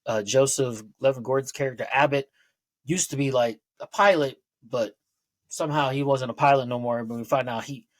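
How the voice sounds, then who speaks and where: A man's voice: mid-range voice, steady tone, normal speed, no echo. A man giving a casual, rambling movie review, loose and full of fillers, laughing and swearing as he goes.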